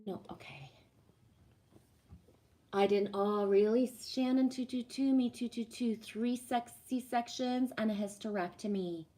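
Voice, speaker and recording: Reading cards on a live stream, a Canadian woman chats casually, swears freely, and responds to viewer comments. Her voice is a little high with a dark tone, and she takes her time.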